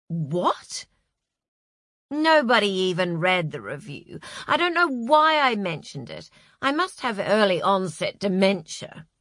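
A woman's voice: on the high side, fairly bright tone, no room sound, clean studio sound, full character voice. A woman voicing a flustered, apologetic male literary agent who keeps scolding himself. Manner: fretful, self-reproaching.

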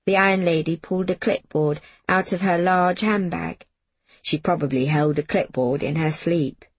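A woman reading a first-person story aloud in a measured storybook narration. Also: fairly low pitch, steady tone, breathy edge, no echo. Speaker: audiobook narrator.

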